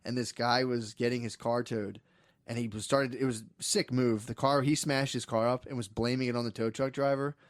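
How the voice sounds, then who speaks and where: A man's voice: steady tone, fairly quick, no echo, clean studio sound. A man co-hosting a podcast in casual chat, rambling through stories and acting out the people he quotes. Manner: rambling storyteller, acts out people he quotes in high yelling voices. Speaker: podcast co-host.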